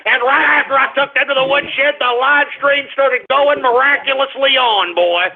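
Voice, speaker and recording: A man hosting a call-in radio show, blustering, shouting and taunting his callers. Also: very high-pitched, normal speed, gravelly, slight background noise. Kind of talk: ranting call-in radio talk. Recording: phone-quality lo-fi broadcast audio.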